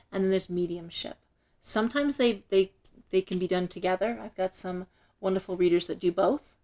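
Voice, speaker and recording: Middle-aged lady chatting in an interview, lively storyteller, does little voices for people. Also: medium pitch. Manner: animated, acts out quoted voices when telling a story. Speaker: interview guest, shop owner.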